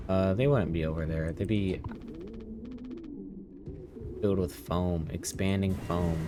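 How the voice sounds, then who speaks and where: Deep-voiced male streamer, chatty, talks back at the characters of a story game. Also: steady tone, a little slow, long pauses, noisy background. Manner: chatty, argues with the characters, reads dialogue aloud. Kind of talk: casual let's-play commentary.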